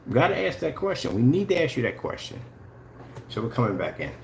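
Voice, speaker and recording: A man's voice: mid-range voice, big pitch swings, fast, vocal fry, a little hiss or hum. A man giving casual, taunting livestream commentary, full of sing-song mockery. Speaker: channel host.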